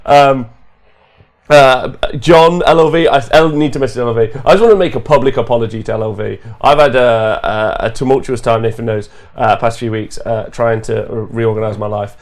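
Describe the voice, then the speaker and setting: A man's voice: mid-range voice, steady tone, brisk. A man hosting a gaming podcast stream, chatty and rambling, laughing often and hiccuping. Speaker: podcast host. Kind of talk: casual livestream chat.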